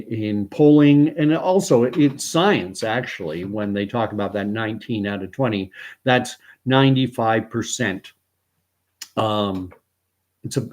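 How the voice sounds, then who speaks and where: A man's voice: lowish voice, darkish tone. Rambling fifty-something man hosting a stream. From Canada. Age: 50s. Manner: rambling, with frequent fillers and chuckles. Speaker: live-stream host. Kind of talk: casual live-stream commentary.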